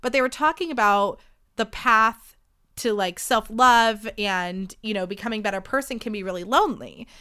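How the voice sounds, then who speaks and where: A woman in her late twenties hosting a podcast, talking in a chatty, self-deprecating way with lots of fillers and sudden jumps in pitch. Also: moderate pace, bright, forceful tone, clear, resonant tone, no room sound, clean studio sound. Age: late 20s. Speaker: podcast host. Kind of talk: casual confessional chat.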